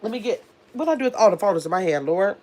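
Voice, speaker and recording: Woman livestream host, casual and chatty, a bit sick, mid-pitch voice, works the chat while fumbling with her phone. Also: expressive, fast, warm tone. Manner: chatty, distracted, talks to the chat as "y'all". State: recovering from illness. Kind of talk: casual live chat reading comments.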